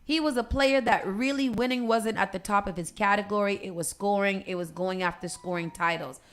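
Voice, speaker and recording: On her morning radio show, a medium-pitched woman reads entertainment stories a little quickly, then follows each with sassy riffs in relaxed, chatty fashion.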